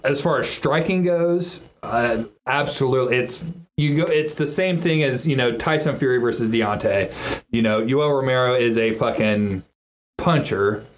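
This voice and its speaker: A man's voice: mid-range voice, moderate pace. Guy rambling about fights, cursing a lot, a bit of faint hiss behind. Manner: profane, rambling, frequent restarts. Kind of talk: casual chat about fighting.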